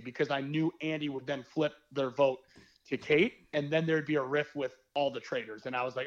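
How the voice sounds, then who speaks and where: A man's voice: medium pitch, moderate pace. Rambling young man, lo-fi recording. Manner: rambling, animated storytelling with fillers. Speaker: former reality game contestant. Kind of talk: casual podcast chat.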